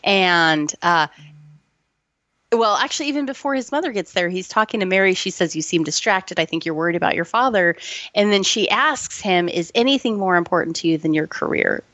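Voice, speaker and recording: A woman's voice: fairly low pitch, animated, brisk, a bit bright, no room sound, muffled recording. A woman co-hosting a podcast, retelling an old film with emotion and frequent laughter. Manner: emotional, gushing, laughs often. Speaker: podcast co-host. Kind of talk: casual film review chat.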